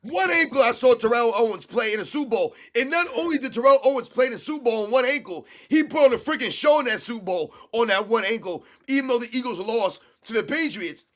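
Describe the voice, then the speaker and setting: A man co-hosting a live basketball reaction stream, talking fast and emphatically, repeating his points. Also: very high-pitched, animated, a bit bright. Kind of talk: excited live game commentary.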